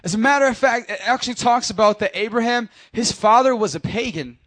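Man preaching, casual and chatty, high voice, dry close sound. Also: fairly quick, a bit bright, dry recording. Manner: casual and conversational, addresses the congregation directly, acts out Bible scenes. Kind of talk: sermon.

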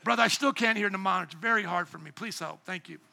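A hoarse man preaching a sermon in a church on a handheld microphone, often asking the congregation to call out the next word. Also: high-pitched, quick pace, bright, forceful tone. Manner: asks the congregation fill-in questions. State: going hoarse. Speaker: pastor.

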